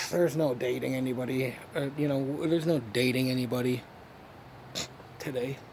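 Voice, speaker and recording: Gravelly, rambling man venting. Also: mid-range voice, steady tone, unhurried, pushed and bright, a little hiss or hum. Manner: rambling and profane, fillers and repeated 'you know what I mean'. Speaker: vlogger. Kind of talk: rambling monologue to camera.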